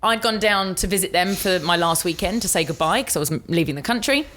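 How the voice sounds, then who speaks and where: A woman's voice: on the low side, lively intonation, fast talker, fairly bright tone. An English woman hosting a podcast, telling a personal story in a chatty, rambling way. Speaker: podcast host. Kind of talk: casual storytelling chat.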